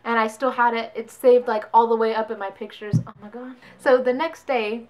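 With a little hiss or hum in the audio, a young vlogger tells her viewers a casual story in a chatty, slightly high-pitched voice. She brings the story's characters to life by quickly impersonating them as she quotes them.

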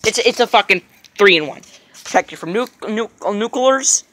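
A young woman making a chaotic, profane comedy vlog who rambles loudly and often breaks into yells. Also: mid-range voice, animated, moderate pace, no room sound. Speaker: vlogger.

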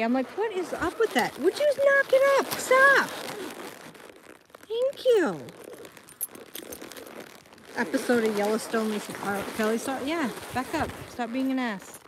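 A woman's voice: sits high, noisy background. A woman live-streaming on her phone while riding a horse on a trail outdoors, chatting casually and coaxing her dog along in a sing-song voice.

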